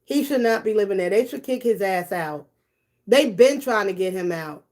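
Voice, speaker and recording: A woman's voice: mid-range voice, expressive, moderate pace, darkish tone. A woman hosting a live stream, reading her chat aloud and gossiping bluntly and profanely, laughing often and talking straight to her viewers. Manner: talks directly to her viewers. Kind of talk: casual live-stream commentary.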